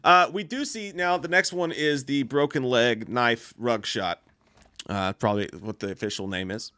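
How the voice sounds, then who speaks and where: A man's voice: medium pitch, normal speed, clean tone, no room sound. A young man in casual podcast chat with a co-host, swearing often and laughing as he talks. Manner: profane, laughing often, animated.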